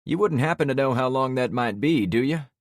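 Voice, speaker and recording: A man's voice: mid-range voice, expressive, fairly quick, dry recording, pitched above the performer's own voice, close to an everyday voice. Plain-spoken neighbor man, middle-aged, chatty and friendly, audiobook character put on by a male narrator, dry close sound.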